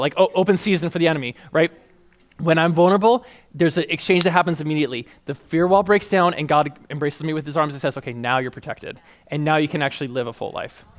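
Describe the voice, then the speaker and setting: A man preaches with quick, energetic delivery. His voice sits high, and he breaks into laughter as he acts out quoted lines. The sermon is lively and conversational. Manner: energetic, laughs often, quotes God in a lower voice.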